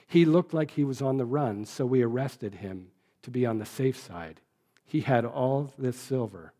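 A man's voice: mid-range voice, animated, unhurried, mellow. A man voicing a dutiful male police sergeant who reports hesitantly to a bishop. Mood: reporting.

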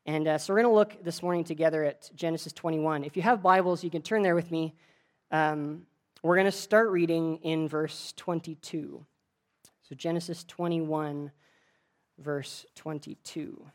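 A woman preaching a sermon in a relaxed, conversational way, retelling a story with frequent restarts. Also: low-pitched. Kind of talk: casual sermon.

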